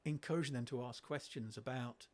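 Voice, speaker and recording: A middle-aged man, a podcast guest telling classroom stories in a lively way, often restarting his sentences. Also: medium pitch, fairly quick. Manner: animated, acts out children's voices, frequent restarts. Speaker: guest, education speaker. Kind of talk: conversational storytelling.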